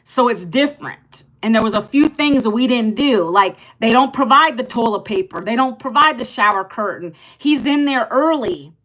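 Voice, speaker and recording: A woman in her fifties chats on a casual livestream in a high, bright voice. She gets loud and passionate, and she rambles emphatically, repeating points to drive them home. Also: expressive, moderate pace, hardly any pauses. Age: 50s. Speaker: livestream host.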